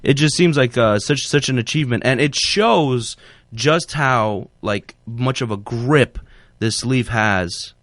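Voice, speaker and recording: A man's voice: medium pitch, slow, fairly bright tone, dry recording. A man hosting a radio show, chatting casually and rambling with lots of fillers and restarts. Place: radio studio. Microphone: studio microphone.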